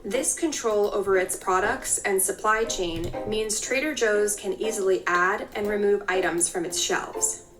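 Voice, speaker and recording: A woman reading scripted news narration in a steady, clear delivery. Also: medium pitch, unhurried, music in the background.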